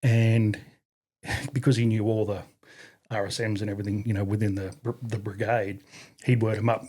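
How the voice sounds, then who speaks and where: Aussie bloke yarning about his army days, mellow low voice, swears a lot, acts out the other blokes. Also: fairly even intonation, moderate pace. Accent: Australian. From Australia. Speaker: podcast guest, army veteran. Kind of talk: casual storytelling.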